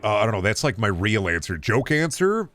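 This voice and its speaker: A man's voice: on the low side, big pitch swings, fairly quick, fairly bright tone. A man streaming a video game, chatting casually with viewers, joking, rambling and swearing now and then. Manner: answers chat questions while playing.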